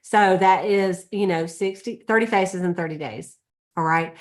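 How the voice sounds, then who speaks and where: A woman's voice: fairly low pitch, unhurried. Chatty woman leading a meeting. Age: middle-aged or older. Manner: chatty, laughing, acts out little scenes. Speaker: sales director leading a team meeting. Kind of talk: casual motivational talk.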